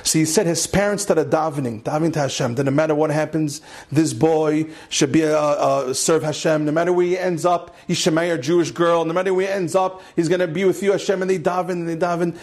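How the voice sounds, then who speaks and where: A man's voice: on the high side, fairly quick, few pauses. A man, a rabbi giving a Torah class, telling a story with lots of repetition and Hebrew and Yiddish terms mixed into his English, building up to an impassioned peak. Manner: animated storyteller, repeats phrases, rises to impassioned climax.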